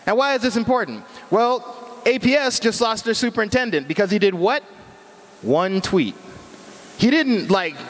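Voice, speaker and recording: A man's voice: high-pitched, a bit bright, long reverb tail. A middle-aged man giving a casual, joking talk on internet safety, full of slang. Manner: chatty, joking, uses slang. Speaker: speaker at a cyber safety talk.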